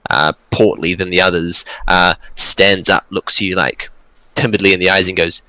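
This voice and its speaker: A man narrates as dungeon master in a relaxed, hesitant way, full of ums and restarts. His voice sits low but sounds bright. The recording is dry and close. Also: moderate pace, no echo, low-quality recording. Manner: relaxed, hesitant, many fillers. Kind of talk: narrating a tabletop game.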